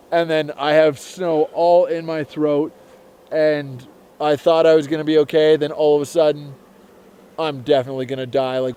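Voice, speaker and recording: A young man talks out on a snowy slope, recounting a run to the camera in relaxed, slangy vlog style. His voice sits slightly high and sounds mellow and warm, with a smooth, clean tone. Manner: casual, laid-back slang. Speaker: snowboarder. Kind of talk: on-location vlog storytelling. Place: snowy mountain slope outdoors.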